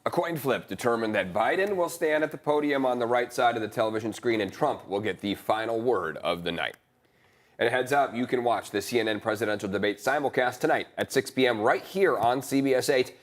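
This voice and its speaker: A male morning news anchor with an American accent, reading stories in a measured, even way. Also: mid-range voice.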